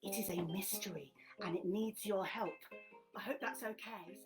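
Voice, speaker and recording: A woman telling a story to young children, speaking gently and softly. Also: medium pitch, moderate pace, music in the background.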